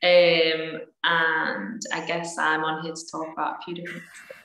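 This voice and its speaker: A woman from Manchester, a nurse, talking on a video call in a bright, edgy voice that stays level in pitch. She speaks slowly and hesitantly. The room around her echoes, with a faint hiss. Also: monotone. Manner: slow, hesitant. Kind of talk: panel introduction.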